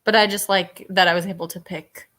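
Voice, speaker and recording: Low-voiced young woman chatting. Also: fairly quick. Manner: relaxed, explains things with lots of fillers. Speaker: book club co-host. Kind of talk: casual chat.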